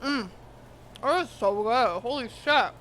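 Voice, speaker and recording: A woman's voice: fairly high pitch, expressive, unhurried, fairly bright tone, a little hiss or hum. A woman hosting a cooking live stream, chatting casually and bluntly with viewers while she eats, swearing freely and sometimes talking with her mouth full. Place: home kitchen.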